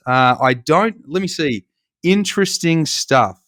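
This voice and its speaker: A man's voice: a little high, expressive, a little slow, a bit bright, no room sound, studio quality. A man in his thirties with an Australian accent from Victoria, a guest chatting in a laid-back, jokey way. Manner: jokey, laid-back, says mate often. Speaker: guest, vertical farming founder. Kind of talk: casual interview chat.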